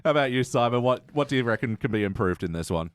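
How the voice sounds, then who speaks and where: A man's voice: medium pitch, animated, quick pace, clean tone, dry recording, clean studio sound. Laughing man hosting a podcast. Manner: laughs often, asks each guest in turn. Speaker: podcast host. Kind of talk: casual chat.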